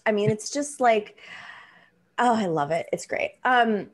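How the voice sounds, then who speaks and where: A woman hosts a political talk show in an animated, self-deprecating way. Her voice sits at a middling pitch. She tends to ramble and circle back as she talks. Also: a little slow.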